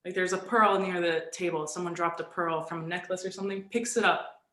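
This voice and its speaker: A woman's voice: lowish voice, a little fast. Young woman rambling through a funny story, says like a lot, roomy echo. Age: young adult. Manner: animated storyteller, frequent "like". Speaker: guest, professional volleyball player. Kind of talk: casual storytelling on a video call.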